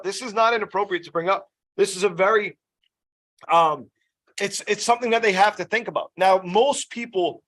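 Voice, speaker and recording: A man's voice: high-pitched, a bit bright. A man running a casual sales training session, chatty and loose, often checking in with "you know" and "right?". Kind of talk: casual team training talk.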